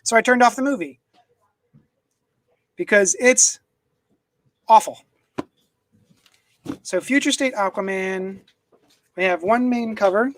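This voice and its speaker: A man's voice: sits high, slow, pauses often, a bit bright, rough recording. A man casually chatting on a live stream from his home desk, rambling and reading viewer comments aloud into a desk microphone. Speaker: comics unboxing streamer.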